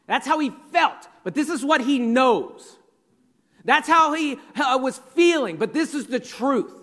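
A male pastor with a very high, bright, forceful voice delivers a conversational sermon. His words ring out with a long reverb trailing through a large hall. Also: expressive, measured pace. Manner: conversational preaching, acting out quoted inner voices.

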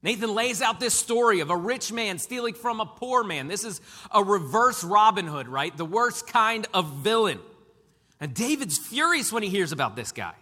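Male preacher, high bright voice, emphatic delivery, long hall reverb. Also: normal speed. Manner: animated, emphatic preaching with sudden loud and soft turns. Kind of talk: sermon.

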